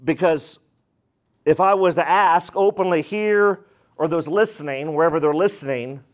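Male pastor, high voice, emphatic expository preaching, talks right to the congregation. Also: moderate pace. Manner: emphatic, repeats phrases for weight; addresses the congregation directly. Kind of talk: expository sermon.

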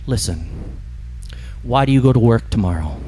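Animated male preacher. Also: mid-range voice, moderate pace, slight background noise. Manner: animated storytelling, emphatic. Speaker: pastor. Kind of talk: sermon.

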